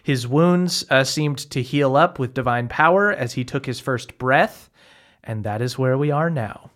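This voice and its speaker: A man narrating as game master of a tabletop game, relaxed with frequent fillers and restarts. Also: mid-range voice, measured pace.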